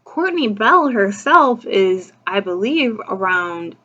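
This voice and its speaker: A chatty woman talks through a true-crime case in a casual, opinionated way, filling her sentences with "like" and "you know". Her voice sits at an ordinary middle pitch. The recording is muffled and lo-fi. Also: very animated, slow, pushed and bright. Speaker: true-crime video host. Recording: dull lo-fi recording.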